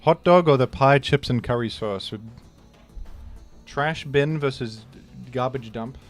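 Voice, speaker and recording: A man's voice: mid-range voice, slow pace, faint music behind. A young man, casually joking and rambling through a live game stream. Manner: joking, rambling, exclaims loudly when surprised.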